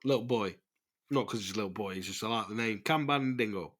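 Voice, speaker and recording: A man's voice: fairly low pitch, brisk, fairly bright tone. A man, hosting a casual, rambling voice-note podcast, loose and chatty, swearing freely and laughing at himself. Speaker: podcast host.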